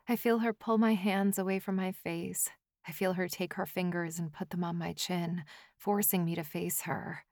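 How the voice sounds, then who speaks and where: A woman narrating a first-person audiobook in a soft, intimate, often half-whispered way. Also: on the low side, no echo, studio quality.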